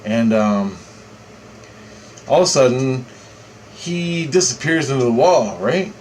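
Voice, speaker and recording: A man's voice: medium pitch, lively intonation, takes it slowly, a little mellow, slight background noise, low-quality recording. A man telling a story in a casual, rambling way, repeating himself and swearing freely. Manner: rambling, repetitive, profane. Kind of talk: casual first-person storytelling.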